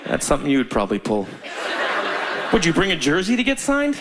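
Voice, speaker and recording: A male stand-up comedian tells an animated story and acts out each person in it, his voice pitched a little high. He is on a handheld mic on a club stage, with clear noise from the room behind him. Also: fairly quick.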